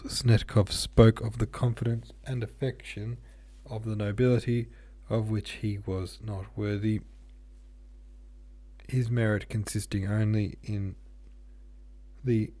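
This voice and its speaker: A man's voice: fairly low pitch, warm tone, no echo. A man reading a classic novel aloud, unpolished, with small slips and asides. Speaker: audiobook reader.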